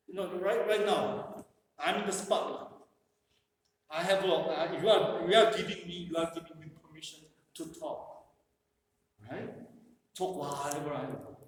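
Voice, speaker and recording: A man presenting a workshop to a live group, talking in a conversational, joking way with many "you know" fillers. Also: sits high. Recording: echoey hall from far off, faint noise.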